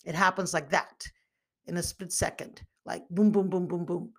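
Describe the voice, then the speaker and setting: A woman's voice: on the low side, fairly even intonation, normal speed. A woman giving a motivational teaching talk on emotional intelligence as a coach, acting out her inner thoughts with animation.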